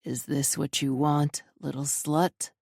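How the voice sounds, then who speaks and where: A woman narrator voicing a dominant man who growls his lines in a low, taunting way. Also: fairly even intonation, takes it slowly, gravelly, darkish tone, slightly rough, no echo, studio quality, heavily acted. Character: dominant commanding man, lover.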